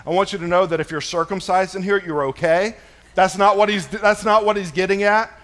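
A man in his thirties preaching with a notably high voice. He talks casually, with many fillers. He moves between soft storytelling and punchy, emphatic stresses. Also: steady tone, fairly quick. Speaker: pastor. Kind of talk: sermon. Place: church.

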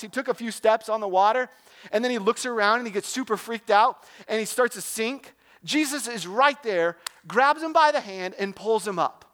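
A young man with a notably high voice delivers a relaxed sermon. He talks like he is chatting with friends and keeps checking in with the listeners through questions. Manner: conversational, asks the audience questions. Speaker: preacher. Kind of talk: casual sermon.

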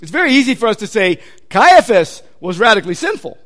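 A pastor from Southern California with a Southern Californian accent, preaching a sermon in a conversational, animated way, acting out quotes with sudden loud outbursts. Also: male voice, high voice, fairly quick. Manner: conversational, repeats words while searching for them.

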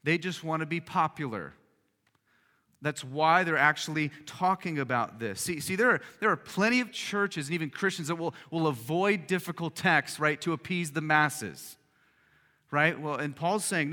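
Bright-voiced man preaching in a hall. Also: on the high side, normal speed. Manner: emphatic, conversational preaching with fillers. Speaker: pastor. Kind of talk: sermon. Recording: reverberant hall.

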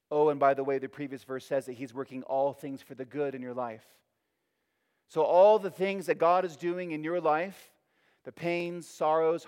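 A man preaches a sermon, his fairly high voice rising and falling as he presses each point and repeats phrases for weight. His words ring out with a long reverb from a large hall. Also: smooth.

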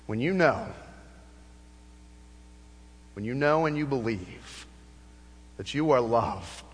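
A man's voice: mid-range voice, lively intonation, takes it slowly, breathy edge, in a large hall. A male pastor preaching a sermon in a church, telling a story with passion and building to fervent appeals. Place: church sanctuary.

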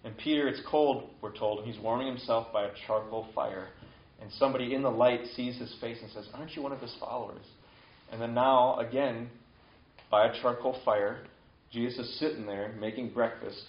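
A man's voice: medium pitch, steady tone, moderate pace. Guy giving a laid-back sermon, talks like he's chatting, muffled lo-fi sound w lots of room echo. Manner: conversational, acts out quoted lines with sudden lifts. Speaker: preacher. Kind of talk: casual sermon retelling scripture. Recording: echoey, dull lo-fi room sound.

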